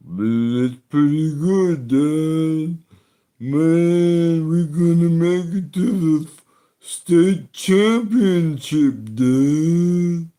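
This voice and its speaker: A man voicing a dazed teenage football player with a slow, high, dopey whine. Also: mellow.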